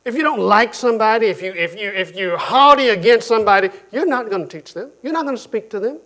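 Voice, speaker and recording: High-pitched guy preaching, animated storytelling, repeats himself a lot, loud then quiet. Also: quick pace. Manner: swings from loud emphatic phrases to quiet ones. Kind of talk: sermon.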